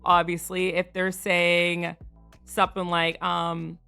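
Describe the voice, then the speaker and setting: A woman streamer chatting casually on a live stream, frank and quick to laugh, swearing freely. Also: lowish voice, completely flat delivery, creaky, bright, forceful tone, clean tone, soft background music.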